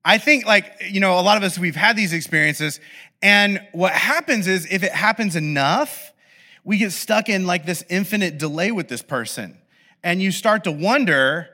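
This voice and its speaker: Guy preaching, bright tone, animated and jokey. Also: sits high, normal speed. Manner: animated storytelling, playful acted asides. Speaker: pastor. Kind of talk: sermon. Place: church podcast recording.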